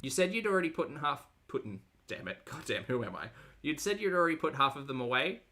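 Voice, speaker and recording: A woman's voice: low-pitched, sing-song, fast, bright, forceful tone, slight background noise. A woman hosting a livestream reaction show, chatty and sarcastic as she reads out chat messages. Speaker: reaction channel host.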